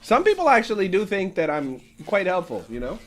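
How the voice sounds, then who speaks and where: A man co-hosting a music review livestream, teasing and quick to laugh in joking banter. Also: high-pitched, wildly swooping pitch, a bit bright.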